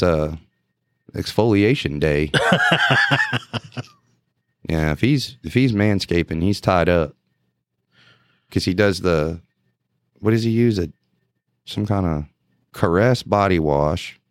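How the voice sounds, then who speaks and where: A man's voice: low-pitched, lively intonation, slow, pauses often, no echo. A man telling a story in a casual podcast chat, acting out quotes and laughing often. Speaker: podcast co-host, police officer.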